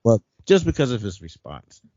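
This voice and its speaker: A man's voice: mid-range voice, very animated, moderate pace, mellow, no room sound, dull audio. A man co-hosting a podcast, telling a long personal story in casual chat, repeating words and laughing often. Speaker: podcast co-host.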